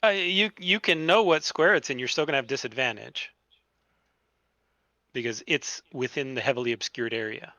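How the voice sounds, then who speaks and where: A man's voice: mid-range voice, normal speed, bright, forceful tone, dry recording. Laid-back man running the game. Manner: laid-back, explains rules. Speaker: game master.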